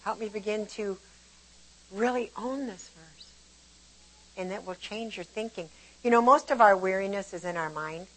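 Older woman, Bible teacher, lively storyteller who laughs easily. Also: medium pitch, low-quality recording. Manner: animated storytelling, laughs often. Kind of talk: informal sermon.

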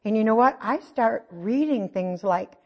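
A middle-aged woman giving a conversational sermon, telling self-mocking stories with lively asides. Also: on the high side, unhurried, husky. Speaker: church speaker. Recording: dull, echoey hall recording.

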